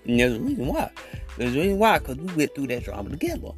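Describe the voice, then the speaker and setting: A man's voice: fairly high pitch, fast talker, faint music behind. Slangy young man telling a story. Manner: animated, slangy, rambling, acts out quotes. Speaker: podcast host. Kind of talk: casual storytelling monologue.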